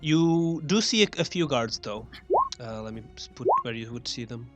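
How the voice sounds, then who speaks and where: A man narrating as game master of a tabletop game over a voice call, with many pauses and fillers. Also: mid-range voice, lively intonation, over music. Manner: laughs often, hesitant narration with fillers.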